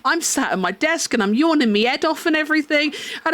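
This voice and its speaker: Lively woman streamer. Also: high voice, brisk, few pauses, no echo. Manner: excitable, swears a lot, laughs often. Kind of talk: casual live-stream chat. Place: home room at a desk.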